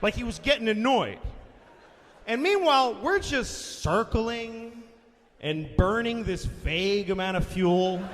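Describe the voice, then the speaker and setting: A man telling a story in stand-up, animated and profane, shouting the big moments. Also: high-pitched, a little slow, in a large hall, slight background noise. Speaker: stand-up comedian.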